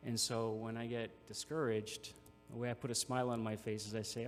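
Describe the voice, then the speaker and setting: A man's voice: mid-range voice, flat delivery, a little fast, faint music behind. A man, a nonprofit CEO, giving an earnest, emotional conference speech with frequent restarts. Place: large hall. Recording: reverberant hall with faint hum.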